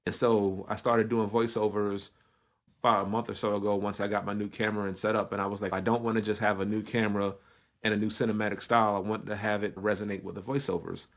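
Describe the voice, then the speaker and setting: A man from Brooklyn with a New York accent, talking fast and energetically as a guest chef on a casual podcast. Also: on the low side, a bit bright.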